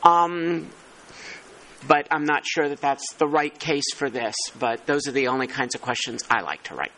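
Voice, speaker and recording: A man's voice: mid-range voice, normal speed, sharp tone, poor audio. A man chairing a working-group meeting, thinking aloud and poking fun at himself. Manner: thinking aloud, self-deprecating.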